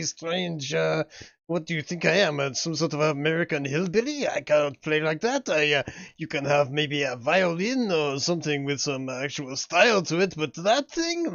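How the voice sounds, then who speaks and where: A man's voice: on the high side, lively intonation, moderate pace, gravelly, a bit bright, no room sound. A man voicing a snooty, scornful Frenchman in a mock French accent for a tabletop game. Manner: haughty, complaining. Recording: dull lo-fi mic.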